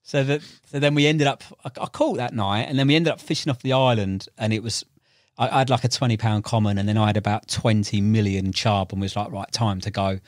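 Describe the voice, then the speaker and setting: A young man, a podcast guest, telling stories in casual chat, animated and laughing, acting out voices now and then. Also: lowish voice, a little fast, dry recording, clean studio sound. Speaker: podcast guest, tackle shop owner and angler.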